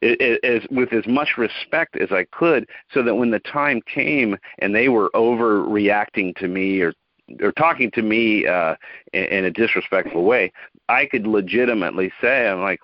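A man hosting a podcast interview, speaking thoughtfully with halting restarts. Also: on the low side, animated, dry recording, lo-fi sound. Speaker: podcast host.

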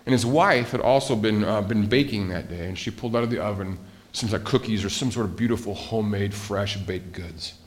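A man's voice: on the low side, brisk. A male pastor preaching a sermon in an earnest, emphatic way, often restarting his sentences.

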